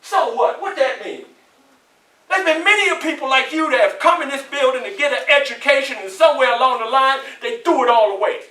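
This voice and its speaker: A man with a Southern US accent giving a motivational speech to students in a college hall, preachy and animated, often asking the crowd questions. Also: very high-pitched, fairly quick. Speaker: motivational speaker. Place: large echoey college hall. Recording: echoey hall, voice from far off.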